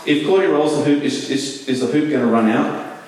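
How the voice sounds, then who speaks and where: A man giving a children's talk in church, asking questions and telling the story with lively energy. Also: fairly high pitch, fairly quick, a little hiss or hum. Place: large church hall. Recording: echoey hall, mic at a distance.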